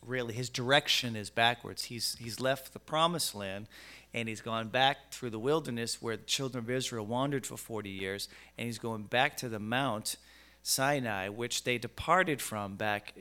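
Male preacher with a bright, forceful tone, animated delivery that swings from hushed to loud. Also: medium pitch, clear, resonant tone. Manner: emphatic, with rhetorical questions and repeated words. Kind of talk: sermon.

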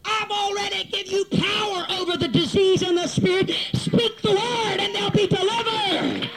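A male preacher voicing God as a stern figure who shouts commands at a praying man. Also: extremely high pitch, steady tone, moderate pace, very noisy.

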